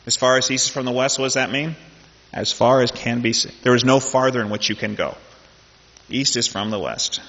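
Male pastor, chatty sermon delivery, husky voice in a dull, echoing church hall. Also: medium pitch, fairly quick, a bit bright. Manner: conversational, joking asides, repeats phrases. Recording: dull lo-fi sound in a reverberant hall.

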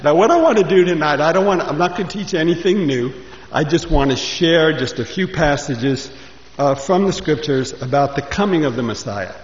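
A man gives a guest sermon and tells his story with lively energy. His voice sits slightly high and bounces up for the characters. The sound is roomy and boomy, with a dull, muffled tone. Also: moderate pace. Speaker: guest speaker, ministry chaplain. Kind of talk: joke-telling preacher's talk. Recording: echoey hall, dull lo-fi sound.

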